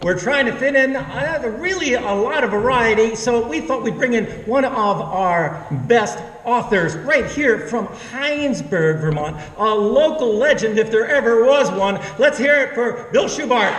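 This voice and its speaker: A man's voice: very high-pitched, animated, a little slow, few pauses, fairly bright tone. A man hosting a live show, introducing acts in an upbeat, folksy way. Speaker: show host, emcee. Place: town hall stage. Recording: echoey hall, distant mic, crowd noise.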